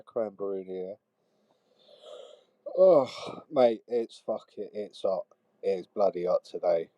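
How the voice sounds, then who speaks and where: A man's voice: low voice, animated, takes it slowly, pauses often, dry recording, lo-fi sound. Sweary man leaving comic voicemails. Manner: sweary, swings from shouting to hushed sighing. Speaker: comedy podcaster.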